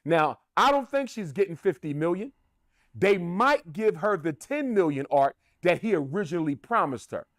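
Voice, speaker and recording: A man hammers home his opinions in a high voice that swings widely in pitch. He is emphatic and rhetorical and repeats his points for effect. The sound is close and dry, with no room echo. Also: sing-song, moderate pace, a bit bright. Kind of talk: opinionated commentary.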